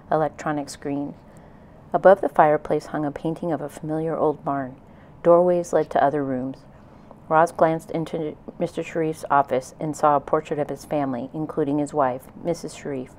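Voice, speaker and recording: Woman with a low voice reading a kids book aloud, calm storyteller, slight hum behind. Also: low-quality recording. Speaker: audiobook reader. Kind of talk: reading a children's novel aloud.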